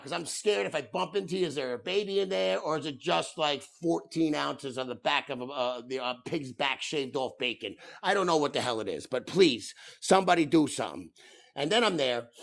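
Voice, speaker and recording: Male podcast host, thirties, gravelly, fairly high voice, profane comedic rant. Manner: profane, animated storytelling.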